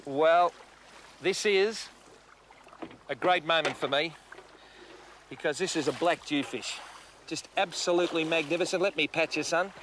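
A high-voiced, middle-aged Australian man hosts a fishing show from a boat outdoors. He talks straight to his viewers, exuberant and jokey, over a faint hum of background noise. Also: unhurried, long pauses. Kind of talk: excitable fishing show commentary.

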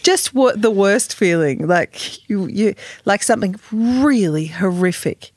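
A woman's voice: mid-range voice, lively intonation, unhurried, darkish tone, no echo. A woman, speaking frankly and emotionally as a podcast guest, swearing and laughing now and then. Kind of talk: candid podcast interview.

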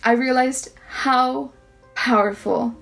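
Woman vlogging to camera, earnest and emphatic, bit of vocal fry. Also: sits high, steady tone, slow, fairly bright tone, faint music behind. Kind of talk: personal story to camera.

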